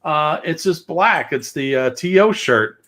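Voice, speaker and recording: A man's voice: a little high, lively intonation, unhurried, a bit bright. A man hosting a casual livestream, rambling with many fillers and jokes. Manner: rambling, filler-heavy, joking. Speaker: host of a livestreamed gaming show.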